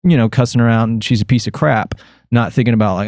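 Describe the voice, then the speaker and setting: A man's voice: mid-range voice, fast, darkish tone, no room sound, clean studio sound. A man hosting a podcast, chatting casually and telling a story in an opinionated way, acting out both sides of the exchange. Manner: frequent restarts and repeated "I was like". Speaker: podcast host.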